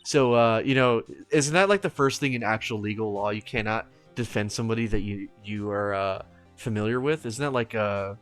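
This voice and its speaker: A man's voice: on the low side, moderate pace, clean tone, faint music behind. A man streaming live, chatting and laughing a lot while voicing a game's hero. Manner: laughs often, lively and chatty. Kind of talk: casual live-stream voice dub of a game.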